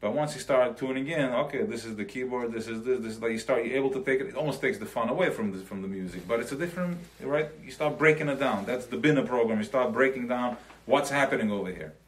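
A medium-pitched man talks at a quick pace with few pauses, teaching a live class loosely and conversationally. He mixes in Yiddish terms, checks in with his listeners, and acts out everyday examples in this live recorded Chassidic class.

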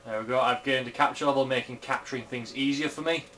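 A man's voice: medium pitch, steady tone, fast, a bit bright, slight background noise. Blunt young man commenting on gameplay. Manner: chatty and blunt, swears freely, talks to the game. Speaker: gamer. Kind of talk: casual let's-play commentary. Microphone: camera filming the screen.

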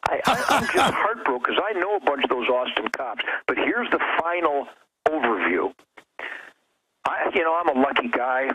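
A man's voice: medium pitch, sing-song, moderate pace. An older man speaking as a guest on a political talk radio show, fiery and emphatic, stumbling over repeated words in bursts. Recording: muffled lo-fi radio line with noise.

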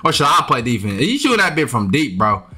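A young man giving excitable, profane commentary while playing a game. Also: medium pitch, fast talker, husky. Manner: trash-talking, excitable, profane. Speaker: gaming streamer. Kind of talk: live gameplay commentary.

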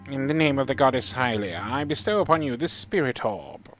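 Man voicing a ceremonial old British shrine monk, raised pitch, over faint game music. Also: expressive, a little fast, fairly bright tone, natural voice. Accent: put-on British. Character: solemn old male shrine monk, goofy.

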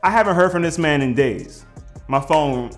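A man telling a funny personal story in casual slang, animated and prone to shouting out the lines he quotes. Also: on the high side, moderate pace, soft background music. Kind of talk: comedic storytelling.

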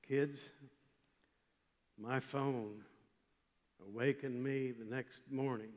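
An older man preaching a chapel sermon, telling a story with emphatic swings from loud passages to hushed ones. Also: mid-range voice, fairly even intonation, slow. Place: large chapel. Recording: long hall reverb.

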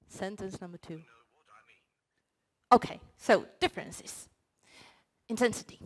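A woman's voice: fairly low pitch, measured pace, long pauses, poor audio. A woman researcher giving a short, playful research talk that addresses the audience directly. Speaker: researcher presenting her project. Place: university hall before an audience.

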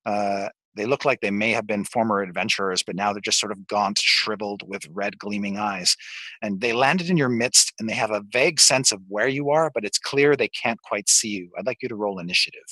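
Bright-voiced man running a tabletop game. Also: fairly low pitch, dry recording, low-quality recording. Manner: relaxed, with frequent pauses and fillers. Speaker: dungeon master.

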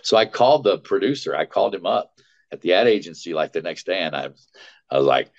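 A man who is a voice actor, telling chatty, animated stories about his work as a guest. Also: sits low. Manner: chatty, animated anecdotes with quick asides. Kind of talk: casual storytelling. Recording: dull lo-fi sound.

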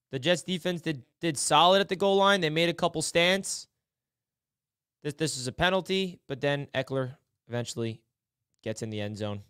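A man with a slightly high, smooth voice talks through football film in a casual, excitable way. He drops to low mutters, then jumps up to shouts. The sound is dry and close. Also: dry recording. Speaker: sports film breakdown host.

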